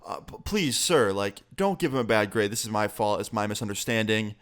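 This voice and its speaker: A man's voice: on the low side, lively intonation, fairly quick, fairly bright tone, clean tone. A man voicing a panicky, apologetic teenage boy classmate in a retold story. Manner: pleading, flustered.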